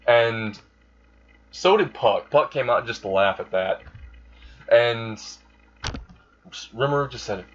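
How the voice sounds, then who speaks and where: Low-voiced man rambling through a story. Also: unhurried, gravelly, long pauses. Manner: rambling, with fillers and self-corrections. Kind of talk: improvised fan story narration. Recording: dull lo-fi sound.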